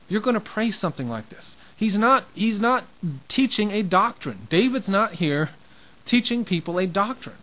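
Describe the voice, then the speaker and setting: A man's voice: a little high, fairly bright tone, poor audio. A man preaching an informal sermon in a conversational way, growing impassioned, with frequent restarts.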